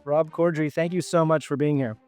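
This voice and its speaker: A man's voice: a little high, fairly even intonation, a little fast, loud music behind the voice. A man hosting a podcast, asking questions and reading an upbeat outro with thank-yous. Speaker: podcast host. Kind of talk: interview and outro read.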